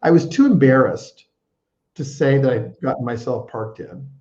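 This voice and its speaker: A man's voice: medium pitch, moderate pace, mellow, highs cut off. Stammering man on a roomy video call. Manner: stammering, self-deprecating, repeats words. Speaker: guest. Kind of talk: casual storytelling on a video call.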